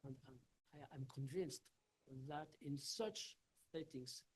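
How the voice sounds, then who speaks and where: Husky halting man lecturing. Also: on the high side, rough recording. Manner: halting, many fillers and restarts. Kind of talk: academic Q&A answer.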